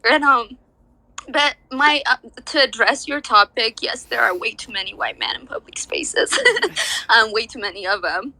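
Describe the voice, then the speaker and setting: A woman's voice: fairly high pitch, lively intonation, a little slow, sharp tone, dry recording, low-quality recording. A tearful woman speaking earnestly in an online audio discussion, grateful and searching for answers. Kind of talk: emotional personal testimony.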